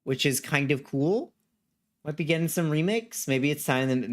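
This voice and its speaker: A gaming livestreamer with an expressive, mid-range voice speaks a little slowly while streaming a video game. He chats casually and ramblingly with viewers, reading their chat messages and often repeating himself.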